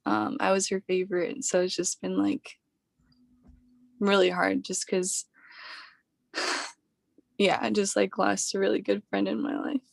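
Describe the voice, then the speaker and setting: Slow, gravelly young woman grieving. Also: mid-range voice, little pitch movement, no echo. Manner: hesitant, many fillers, soft. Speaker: coaching client. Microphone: video call.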